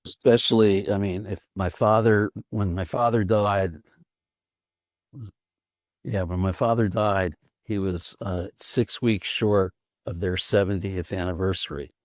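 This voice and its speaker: A man's voice: deep voice, steady tone, unhurried, dry recording, studio quality. An older man, an author guest, telling a story in an earnest, reflective way, with frequent restarts. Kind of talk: reflective conversation.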